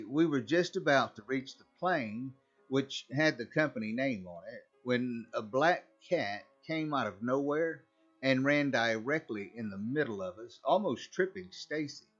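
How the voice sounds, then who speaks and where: Speaking at an ordinary male pitch, a man tells a first-person horror story in a wry, conversational way. The recording sounds a little dull and muffled yet a bit bright, with faint background music beneath his voice.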